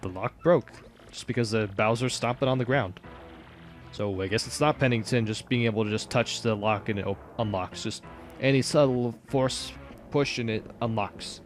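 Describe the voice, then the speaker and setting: A man's voice: fairly low pitch, moderate pace, soft background music. A man giving casual, rambling commentary on a video game playthrough. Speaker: gameplay commentator. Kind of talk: let's play commentary.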